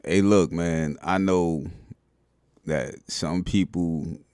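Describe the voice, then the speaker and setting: A middle-aged man with a Bronx New York accent, telling stories in a relaxed, slangy way for his video channel. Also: deep voice, drawn-out words, smooth, no echo, studio quality. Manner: relaxed street slang, keeps saying "you know what I'm saying". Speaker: vlogger. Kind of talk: casual storytelling monologue.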